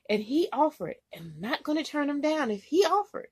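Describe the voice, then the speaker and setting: Husky woman telling a trucking story. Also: fairly high pitch, big pitch swings, brisk, few pauses. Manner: rambling, emotional retelling full of "you know". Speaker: truck driver vlogger. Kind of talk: casual storytelling vlog.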